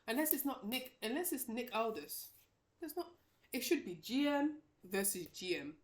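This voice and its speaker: A woman's voice: mid-range voice, lively intonation, normal speed. A woman vlogger giving casual, opinionated wrestling predictions, rambling with many restarts and fillers.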